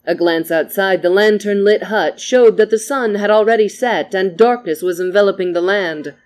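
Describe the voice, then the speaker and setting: A reader narrating a story with an even, gentle delivery. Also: mid-range voice, normal speed.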